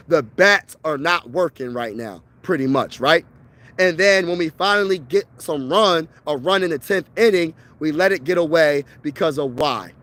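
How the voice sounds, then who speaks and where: A man's voice: a little high, fairly bright tone. A man, giving a casual, worked-up sports rant as a fan vlogger, slangy and repetitive. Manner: worked-up, repetitive, slangy, says "bro" a lot.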